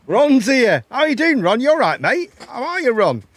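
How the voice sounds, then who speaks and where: A man's voice: very high voice, very animated, normal speed, no room sound. A man hosting a live chat show and phone-in, chatty and teasing, and he laughs often. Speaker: host.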